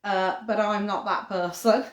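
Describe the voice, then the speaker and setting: A woman's voice: medium pitch, measured pace, reverberant. A woman presenting a live craft lesson for children, chatty and cheerful, now and then barking like a dog for fun. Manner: chatty, animated, says dog barks playfully.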